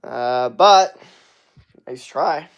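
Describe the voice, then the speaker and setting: A man's voice: mid-range voice, expressive, very slow, gravelly, clean tone, muffled recording. A man speaks as an online fitness coach on a casual livestream. He rants bluntly and aggressively, swearing at nearly every turn. His talk is full of fillers and restarts as he answers chat. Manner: profane, blunt, aggressive ranting with many fillers.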